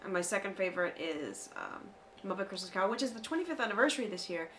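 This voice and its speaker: An American woman co-hosting a casual podcast, chatty and animated, with many fillers. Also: mid-range voice, fast, slight background noise. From United States. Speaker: podcast co-host. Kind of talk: casual chat.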